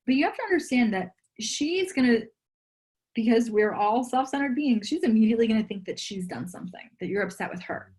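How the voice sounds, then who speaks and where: A woman with a fairly high voice talks through relationship advice as an interview guest. She is chatty and earnest and fills her speech with "like". She sounds to be in her thirties. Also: animated, brisk, a little mellow. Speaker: relationship and dating coach, guest. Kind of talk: casual podcast interview.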